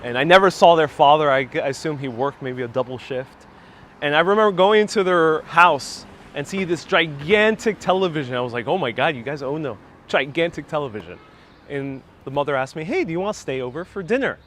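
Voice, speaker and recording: A man from New York City in his thirties, livestreaming a walking tour outdoors on a wireless lapel mic and telling childhood stories in a casual, animated way. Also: a little high, brisk. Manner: animated storyteller, reads viewer comments aloud. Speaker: vlogger giving a live walking tour. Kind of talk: casual live-stream storytelling.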